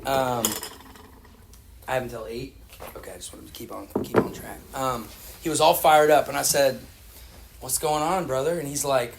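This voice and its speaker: A man's voice: medium pitch, normal speed, vocal fry, pauses often, slight background noise. A man telling his addiction recovery story at a meeting, candid and rambling, with many fillers and laughs at himself.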